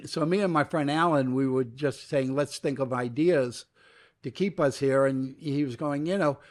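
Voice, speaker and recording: An older New Yorker, a media entrepreneur appearing as an interview guest, tells long, animated stories and acts out the quoted dialogue as he goes. His medium-pitched voice keeps a measured pace.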